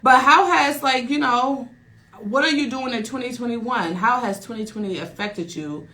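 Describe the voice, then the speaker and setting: A young woman hosting a casual radio talk show, loud and slangy with hype shout-outs. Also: on the high side, normal speed, poor audio.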